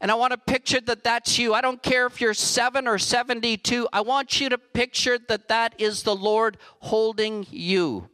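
A man delivering a sermon with an earnest, emphatic preaching manner. His voice sits high and rings bright and crisp. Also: fairly even intonation, normal speed, hardly any pauses, poor audio. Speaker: pastor.

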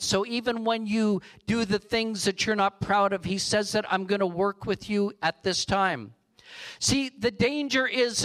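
Male pastor, high-pitched, unhurried sermon delivery, earnest and gentle. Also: poor audio. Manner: slow, earnest, drops to a soft hush for emphasis. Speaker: preacher.

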